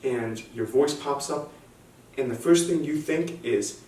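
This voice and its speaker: A man's voice: mid-range voice, unhurried, warm tone. A young man doing a stand-up set, self-deprecating and hesitant, with frequent restarts. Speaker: stand-up comic. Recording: very echoey room, distant mic, faint hum.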